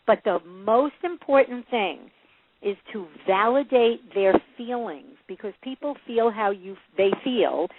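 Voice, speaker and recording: A woman guest giving emphatic, animated advice on a podcast. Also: fairly high pitch. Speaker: guest, parenting and beliefs coach. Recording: tinny phone-like line, dry.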